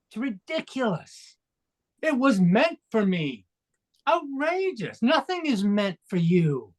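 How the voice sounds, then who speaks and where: A man's voice: extremely high pitch, big pitch swings, slow. A man in his sixties from Canada, a coach and speaker, talking as an interview guest in an emphatic, fervent motivational way. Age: 60s. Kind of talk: interview conversation.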